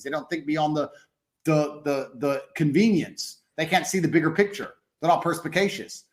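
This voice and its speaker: A man as a podcast guest in casual conversation, blunt, profane and boastful, slowing down to stress points. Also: a little high.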